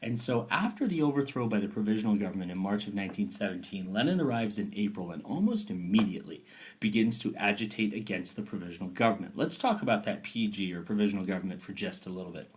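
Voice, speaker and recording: A man teaching a recorded history lesson, lively and talky, now and then dropping to a playful whisper. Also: on the low side, fast talker. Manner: lively, dips into playful whispers and mock quotes.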